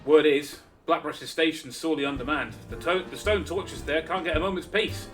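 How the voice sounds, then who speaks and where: A man's voice: on the high side, moderate pace, music in the background, natural voice. A man voicing a hearty, blunt male tavern keeper in a clumsy mock Irish brogue, reading game dialogue aloud. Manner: attempted Irish brogue, calls the listener laddie.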